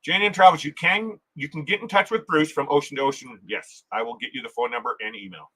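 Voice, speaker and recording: A man's voice: medium pitch, fast talker, a bit bright, husky, rough recording. A man hosting a casual travel livestream, reading viewer comments aloud, chatting and laughing often, restarting his sentences. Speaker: livestream host.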